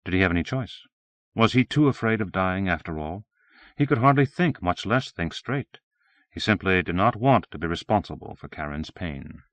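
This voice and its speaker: A man narrates a novel in a steady, measured audiobook reading. His voice sits on the low side. The recording is dry and close with no room sound. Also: no echo.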